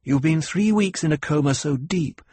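A proud, fierce noble mother with a sharp, intense delivery, as a man puts her on. Her voice rises well above the reader's own, with a husky grain in a dry, close recording. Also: a little high, moderate pace, no echo, pitched above the performer's own voice. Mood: tense.

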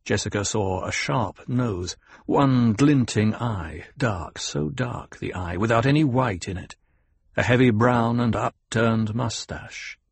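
A man narrating a novel in a steady, even storytelling manner. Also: mid-range voice, slow, creaky, breathy edge, no room sound. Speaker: audiobook narrator. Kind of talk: scripted narration.

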